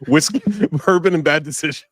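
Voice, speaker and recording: A man's voice: a little high, fairly quick, a bit bright, slightly rough, no echo. A man co-hosting a podcast, chatting casually in a joking, rambling, self-deprecating way. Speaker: podcast co-host. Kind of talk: casual chat.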